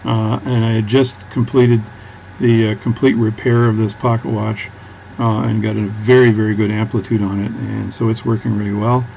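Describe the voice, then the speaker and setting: A man's voice: on the low side, vocal fry, warm tone, lo-fi sound, a little hiss or hum. A Canadian man with a Canadian accent, chatting casually as he works through a watch repair, rambling and restarting often. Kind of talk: casual workbench tutorial.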